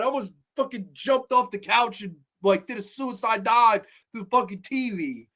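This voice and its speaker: A man hosting a horror movie review show, ranting in a blunt, profane and exasperated way, with sudden loud bursts of disbelief. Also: very high voice, moderate pace, few pauses. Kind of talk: casual solo review rant.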